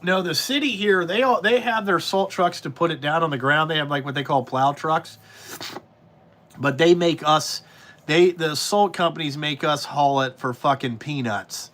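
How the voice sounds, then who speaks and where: Profane, fed-up man, high voice. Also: normal speed, fairly bright tone. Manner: profane, exasperated, blunt. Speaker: podcast host, trucking business owner. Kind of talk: casual ranting monologue.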